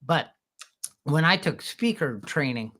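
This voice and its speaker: A man co-hosting a podcast who tells personal stories in a lively, self-mocking way and clears his throat now and then. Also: fairly high pitch, a little slow. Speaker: podcast co-host. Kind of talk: candid podcast conversation.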